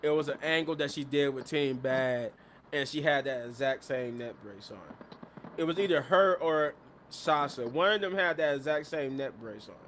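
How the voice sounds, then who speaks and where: A man casually recapping a wrestling show, excitable and rambling, often laughing at the action. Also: mid-range voice, moderate pace, slight background noise. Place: at his workplace.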